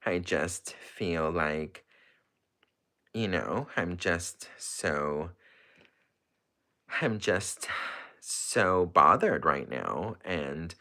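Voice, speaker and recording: A man putting on a slow, flat, weary drawl as an impression of a bored female celebrity. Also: sits low, exaggerated voice. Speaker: livestreamer.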